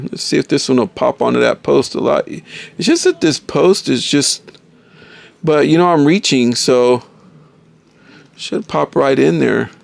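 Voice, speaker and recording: A man's voice: mid-range voice, vocal fry. A man casually reviewing a toy figure, enthusiastic and often calling viewers folks.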